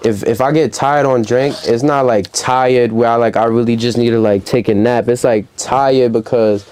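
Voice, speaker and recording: New York man telling stories loud. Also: medium pitch, moderate pace, clear, resonant tone. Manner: animated storytelling, acts out quotes loudly. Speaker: rapper guest. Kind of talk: casual interview chat.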